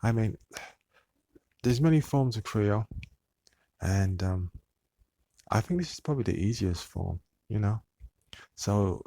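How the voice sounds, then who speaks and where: A man's voice: lowish voice, gravelly, dark tone, no room sound. A man hosting his own channel, talking to viewers in a meandering, hesitant monologue full of fillers and restarts. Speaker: channel host.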